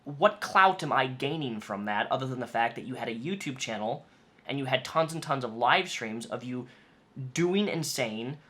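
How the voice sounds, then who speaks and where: A man's voice: medium pitch, lively intonation, moderate pace, sharp tone. A man narrating a commentary video in a conversational, pointed tone with light sarcasm. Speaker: YouTube commentator.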